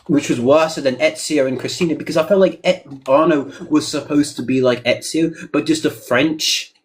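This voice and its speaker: A man's voice: on the high side, normal speed, husky. A man in casual podcast chat, opinionated and emphatic, with frequent "you know" asides. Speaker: podcast co-host.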